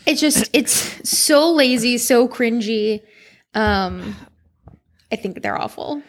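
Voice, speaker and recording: A woman's voice: on the high side, expressive, slow pace. Wry woman in casual chat. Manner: opinionated, wry.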